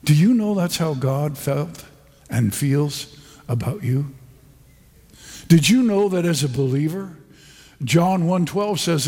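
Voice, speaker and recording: Male preacher, high-pitched, unhurried, emphatic sermon delivery, long hall reverb. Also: dark tone. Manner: fervent, emphatic preaching with repeated phrases.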